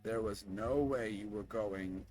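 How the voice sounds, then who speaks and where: Guy reading a cold traitor girl in a dating game, slow, calm, low-key. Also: soft background music, lightly acted. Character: treacherous young woman, cold betrayer.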